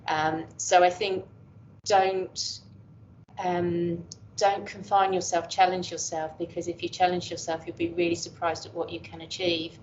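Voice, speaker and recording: A woman's voice: lowish voice, flat delivery, measured pace, darkish tone, slight background noise. A woman in her fifties with an English accent, a professor guest talking candidly and chattily in an interview. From England. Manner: candid, chatty, self-deprecating. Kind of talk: reflective casual interview talk. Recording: dull lo-fi audio.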